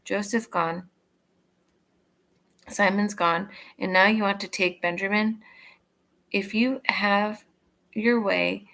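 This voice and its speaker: A woman reading the lines of an aged, grieving father in her own plain, steady reading voice. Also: medium pitch, takes it slowly, creaky, long pauses. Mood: anguished. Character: grieving aged father, male, clinging to his youngest.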